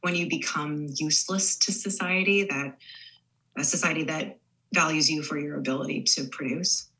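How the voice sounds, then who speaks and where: A woman's voice: low voice, steady tone, moderate pace, bright, forceful tone, poor audio. A woman in her forties, an actress guest on a podcast, talking casually with many fillers and restarts.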